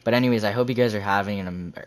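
Young male gaming vlogger, low voice, loose profane slang, "dude" every line. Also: rapid-fire. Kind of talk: casual storytelling over gameplay.

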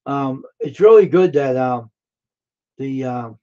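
A man's voice: medium pitch, expressive, takes it slowly, mellow. A man hosting a live stream, chatting casually with viewers in a rambling, friendly way full of fillers and repeats. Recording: dull lo-fi stream audio.

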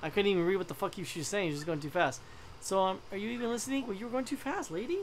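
A woman commenting on a video game as she plays, blunt, excitable and cursing freely. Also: medium pitch, racing, slight background noise. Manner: profane, blunt and excitable, reacts loudly. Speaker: let's play gamer.

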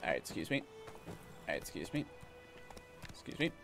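A man streaming a video game, chatting casually and jokingly, even talking back to the characters. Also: low voice, brisk. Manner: playful, jokey, talks to characters. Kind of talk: casual gameplay commentary. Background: game music.

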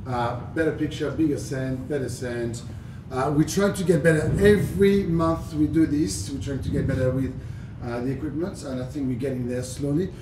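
A man's voice: fairly even intonation, normal speed. A man from France with a French accent, hosting a live cooking demonstration in a chatty, playful way with plenty of fillers. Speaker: chef hosting a cooking livestream. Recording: echoey room, distant mic, low rumble.

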